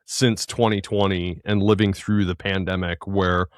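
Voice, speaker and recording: A man hosting a podcast, asking long, measured, thoughtful questions. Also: sits low, flat delivery, dry recording, clean studio sound. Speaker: podcast host. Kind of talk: interviewing.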